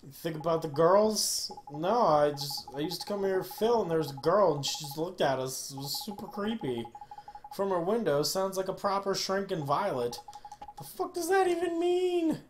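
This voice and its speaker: A man's voice: a little high, moderate pace, a little hiss or hum. A young man casually joking and swearing as he comments on a game he plays. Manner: joking, crude, sarcastic. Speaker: let's play gamer.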